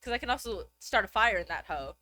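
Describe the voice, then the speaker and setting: A woman with a bright, sharp voice chats casually. Her pitch swings widely, and she rambles with constant filler words. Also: lively intonation, fast. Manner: chatty, filler-heavy rambling with lots of "like". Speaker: co-host. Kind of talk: casual chat.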